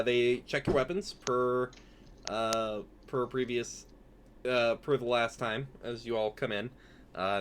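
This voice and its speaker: A man's voice: mid-range voice, fairly bright tone, slight background noise. A man narrating as game master of a tabletop game, rambling with many fillers. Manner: rambling, filler-heavy, laughing often.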